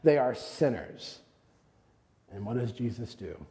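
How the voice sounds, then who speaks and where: A man's voice: mid-range voice, expressive, a little slow, dark tone, in a large hall. A man preaching a conversational sermon, retelling scenes and acting out the quotes. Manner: storytelling with acted-out quotes, conversational. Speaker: pastor.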